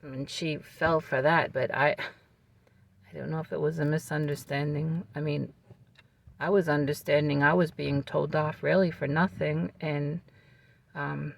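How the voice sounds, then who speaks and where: A vlogger telling a personal story to camera in a calm, measured way, with fillers and restarts. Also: mid-range voice, gravelly.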